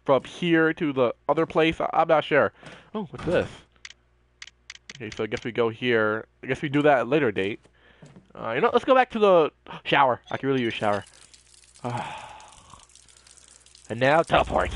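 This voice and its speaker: A man's voice: a little high, a bit bright. A man giving casual let's-play commentary, playful and jokey, talking to himself as he explores. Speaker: gameplay commentator.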